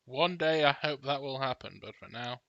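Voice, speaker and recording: A man's voice: medium pitch, expressive, moderate pace, vocal fry, fairly bright tone, no room sound, lo-fi sound. A man voicing a weary young woman Jedi. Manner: hesitant, restarts sentences. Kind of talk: tabletop role-play in character.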